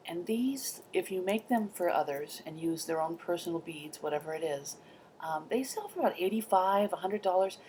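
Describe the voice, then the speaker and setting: A woman's voice: lowish voice, expressive, normal speed, a little mellow, slight background noise. A middle-aged woman vlogging in casual chat, rambling with many fillers and dropping into whispered asides.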